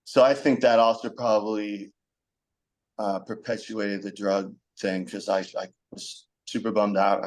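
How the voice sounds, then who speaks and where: A young man as a podcast guest, talking frankly in a rambling conversational way, with many fillers. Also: lowish voice. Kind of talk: candid conversational storytelling.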